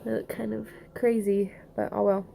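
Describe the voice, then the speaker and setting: A woman's voice: mid-range voice, little pitch movement, normal speed, creaky, warm tone, a little hiss or hum. Chatty young Southern woman vlogging. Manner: chatty, rambling, many fillers and restarts. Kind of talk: casual pregnancy update vlog.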